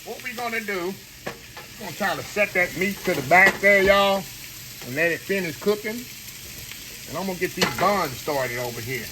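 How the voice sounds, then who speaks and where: A man's voice: high-pitched, animated, moderate pace, background noise. A man who hosts a home cooking vlog, chatting casually and rambling to his viewers while he cooks at his kitchen stove. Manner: chatty, rambling, keeps calling viewers y'all. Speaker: home cook, channel host. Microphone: camera on a tripod. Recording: loud frying sizzle behind the voice. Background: skillet sizzling and frying.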